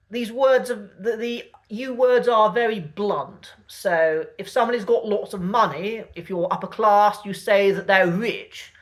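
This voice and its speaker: Man teaching, unhurried with pauses. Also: high-pitched, a bit bright. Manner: unhurried, thinking aloud with pauses and restarts. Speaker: language teacher host. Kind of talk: casual spoken lesson.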